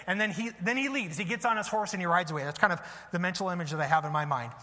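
A male pastor delivers a lively storytelling sermon, often asking his listeners questions. His voice is high and bright. It rings with a long reverb in a church hall. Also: very fast, hardly any pauses.

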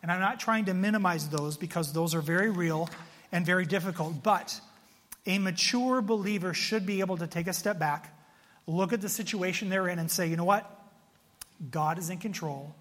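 A man preaching a sermon, telling a story in an animated, self-mocking way before turning to his teaching. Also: sits high, moderate pace, long reverb tail. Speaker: pastor.

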